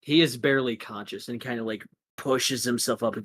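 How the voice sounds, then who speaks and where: A woman narrating a tabletop game as game master, casual and animated. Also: a bass voice, brisk, slight background noise.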